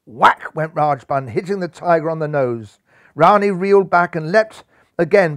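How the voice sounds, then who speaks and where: A man narrating a children's storybook with dramatic, animated delivery. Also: fairly high pitch, no echo, clean studio sound.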